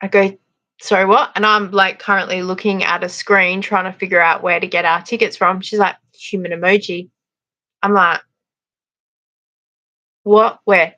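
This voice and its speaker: A woman's voice: mid-range voice, little pitch movement, brisk, few pauses, pushed and bright, dry recording. Brief: middle-aged Australian woman, livestream host, chatty storyteller, dry close sound. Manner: chatty storyteller, laughs often, reads out viewer comments. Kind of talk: casual livestream chat.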